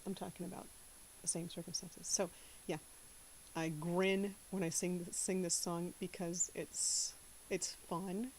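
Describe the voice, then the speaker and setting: A woman's voice: fairly low pitch, little pitch movement, a little slow, darkish tone, a little hiss or hum, rough recording. A woman from the American South chatting casually to camera, giggling often. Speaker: channel host.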